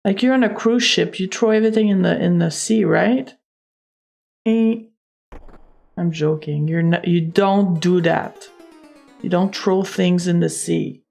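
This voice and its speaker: Slow-talking gravelly woman streamer. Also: on the low side, a little mellow, soft background music. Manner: chatty, joking, laughs often. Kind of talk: casual let's-play commentary.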